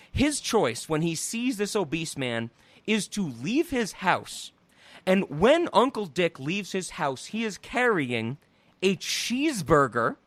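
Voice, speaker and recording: Man, podcast host, casual chat, lively swinging voice, dry close sound. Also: high-pitched, no room sound. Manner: animated, incredulous storytelling.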